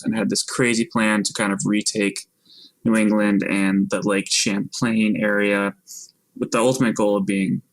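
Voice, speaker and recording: A man with a low, gravelly voice that barely rises or falls, co-hosting a podcast in loose casual chat. He hedges and fumbles for facts as he goes. His voice sounds close and dry, with no room around it. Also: no echo, rough recording. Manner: unsure, hedging, slow to recall facts. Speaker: podcast co-host.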